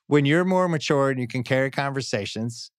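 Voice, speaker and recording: A man's voice: medium pitch, fairly quick, dry recording, clean studio sound. Man hosting a casual podcast chat. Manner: reads ad copy, then chats about his kids. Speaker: podcast host.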